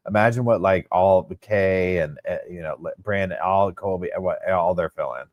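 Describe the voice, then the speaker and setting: This male livestream host has a deep voice and talks at a moderate pace, chatting casually and animatedly with viewers he addresses as y'all. The recording is lo-fi but has no echo.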